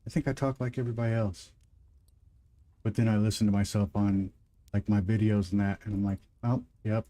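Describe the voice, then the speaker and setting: A man's voice: lowish voice, flat delivery, fairly quick, warm tone. A man from the Midwest with a Midwestern twang, chatting casually with viewers while playing a game on a livestream, rambling between game moves. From American Midwest. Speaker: livestream gamer host. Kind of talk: casual live gameplay chat.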